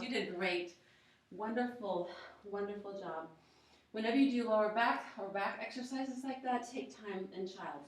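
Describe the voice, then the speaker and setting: A woman leading a yoga class, encouraging her students with steady step-by-step cues and countdowns. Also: medium pitch. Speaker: yoga instructor. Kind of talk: guided workout instruction. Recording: very echoey room, voice from far off.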